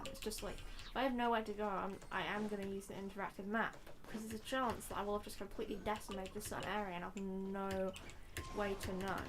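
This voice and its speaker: A young woman streaming a game, chatting playfully and rambling with loud exclamations. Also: medium pitch, background noise. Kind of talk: casual live gameplay commentary.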